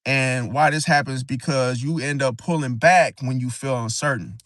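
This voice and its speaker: Halting rambling man, dry close sound. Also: medium pitch, a bit bright, dry recording. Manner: rambling, halting, frequent "see?" tag. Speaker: astrology channel host. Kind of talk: casual livestream talk.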